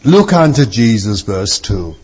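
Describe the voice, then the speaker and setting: Slow, fervent preacher man on a dull recording. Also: lowish voice, sing-song, breathy edge. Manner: fervent, swinging from soft to loud, drawn-out phrases. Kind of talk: sermon.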